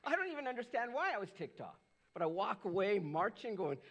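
A middle-aged man, a pastor, preaching a sermon, animated and swinging from loud bursts to hushed lows. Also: brisk.

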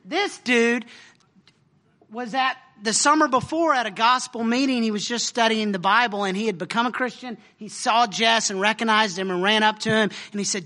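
A middle-aged man giving an informal, animated sermon about a mission trip, laughing often and using casual slang. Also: high-pitched, normal speed. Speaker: speaker sharing a mission trip story.

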